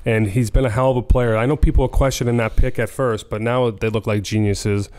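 A man's voice: mid-range voice, fairly even intonation, brisk, darkish tone. A man, a former player, telling joking stories in a casual podcast chat. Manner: loose storytelling, joking. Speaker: co-host, former hockey player.

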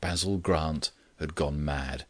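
A man reading a classic story aloud in measured, scripted narration. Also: rumbling low, no echo. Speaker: audiobook reader.

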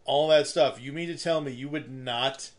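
A man co-hosting a casual movie chat, teasing his partner with quick comebacks. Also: mid-range voice. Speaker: podcast co-host.

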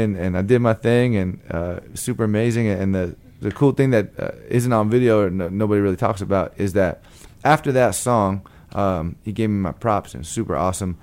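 A man from Long Beach, California, a blues guitarist, telling a story in a lively way and acting out the people in it. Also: fairly low pitch, moderate pace. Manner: lively, acts out the other people in his stories. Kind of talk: animated storytelling.

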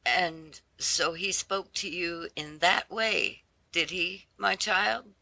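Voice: mid-range voice, takes it slowly, creaky, sharp tone, no echo, pitched above the performer's own voice, heavily acted. A reader voicing a poor, exhausted washerwoman who speaks in trembling, pleading tones in a storybook reading. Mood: hurt. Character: worn-out poor washerwoman, grieving mother.

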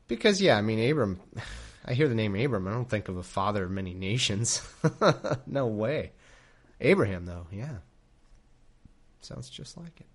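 A man's voice: fairly low pitch, sing-song, moderate pace, pauses often. A man hosting a solo show who reads scripture aloud and riffs on it, laughing and rambling with many restarts. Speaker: podcast host. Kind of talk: comedic Bible reading and commentary.

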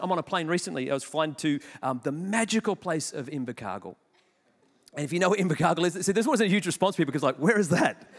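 Aussie pastor guy telling stories in his sermon, bit high-pitched, lots of hall reverb, jokey asides. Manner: animated, chatty storyteller with quick asides and self-mocking humor. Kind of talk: sermon with storytelling.

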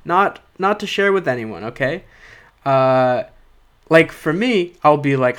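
A man's voice: on the high side, animated, unhurried, a bit bright, clear, resonant tone. A young man, a stand-up comedian, delivering a rambling, sarcastic comic monologue to his podcast listeners. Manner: rambling, sarcastic, with frequent "uh" and "okay?".

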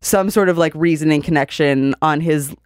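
A woman's voice: low-pitched, moderate pace, darkish tone, no echo, clean studio sound. A young woman co-hosting a casual chat, telling stories in a rambling way with lots of fillers and swearing. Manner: rambling storyteller, heavy filler "like", swears freely. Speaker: podcast co-host.

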